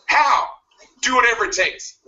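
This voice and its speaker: A man's voice: extremely high pitch, normal speed, bright, forceful tone, a little hiss or hum. A man giving a pushy motivational speech, cracking jabs and laughing at his own lines. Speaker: motivational speaker. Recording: muffled video played back from a distance.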